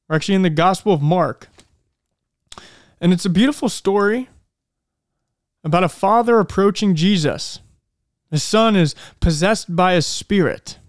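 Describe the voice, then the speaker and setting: A man hosting a daily faith-based podcast, speaking earnestly and reflectively, slowing down for emphasis. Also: high voice, no room sound, clean studio sound. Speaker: podcast host. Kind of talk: faith-based motivational talk.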